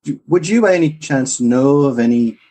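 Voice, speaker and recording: A man playing a rakish, flirtatious nobleman who speaks in florid, courtly flattery. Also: mid-range voice, moderate pace, pitched above the performer's own voice, natural voice, low-quality recording.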